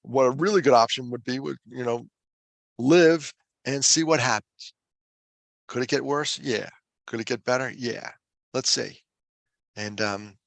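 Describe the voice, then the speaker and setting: Man, mid-pitched gravelly voice, dry close mic, self-deprecating jokes, earnest emphasis. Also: no room sound. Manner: animated, self-deprecating humor with laughs; earnest and emphatic when driving a point home. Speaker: foundation director and suicide prevention speaker. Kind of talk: conversational storytelling on a podcast.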